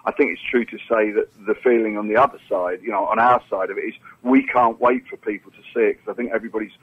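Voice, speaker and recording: A man's voice: on the low side, steady tone, fast, slightly rough. A man, an enthusiastic comics artist guest, talking in a phone interview and often repeating words as he gets going. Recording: tinny phone line.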